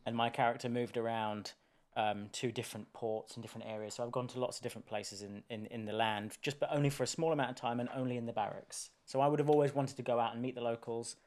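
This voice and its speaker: A man's voice: medium pitch, fairly even intonation, fast, darkish tone. Man, tabletop player, rambling, hesitant. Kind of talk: tabletop game play.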